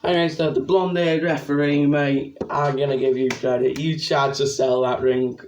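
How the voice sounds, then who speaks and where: A young man giving a rambling, excitable spoken review of a wrestling event. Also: mid-range voice, normal speed, a little hiss or hum.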